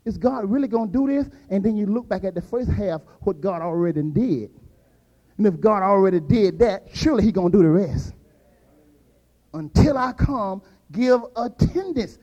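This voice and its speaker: An older man preaching a fervent sermon, dropping to quiet asides and rising to shouted peaks. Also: high-pitched, animated, a little fast, dull audio.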